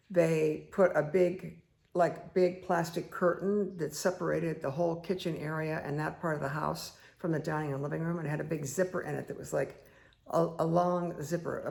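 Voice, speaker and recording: Gravelly-voiced woman telling a story. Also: deep voice. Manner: rambling, many fillers and asides. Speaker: meditation host. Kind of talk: casual personal storytelling.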